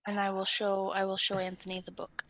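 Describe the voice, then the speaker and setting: A woman's voice: mid-range voice, monotone, fairly quick, a bit bright, dry recording. A woman playing a tabletop game in a casual, folksy way. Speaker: player.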